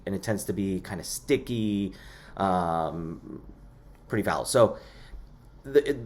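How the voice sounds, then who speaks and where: A man lecturing to a class in a conversational way, with lots of fillers and personal asides. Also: on the low side.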